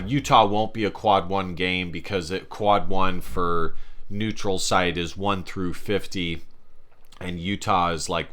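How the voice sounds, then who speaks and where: A man's voice: low voice, pushed and bright. A man giving casual reaction commentary on a basketball game as a sports vlogger, emphatic and repeating phrases for stress.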